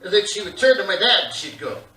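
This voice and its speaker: A man in his fifties from Canada doing stand-up comedy on a theater stage, rambling through animated off-topic asides. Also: sits high, fast talker. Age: 50s. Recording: echoey live theater from far off. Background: audience laughter.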